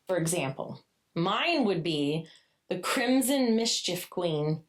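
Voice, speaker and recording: A woman's voice: fairly low pitch, lively intonation. Gushing, foul-mouthed woman podcast host. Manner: gushing, swears freely, quick asides. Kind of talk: casual book-review chat.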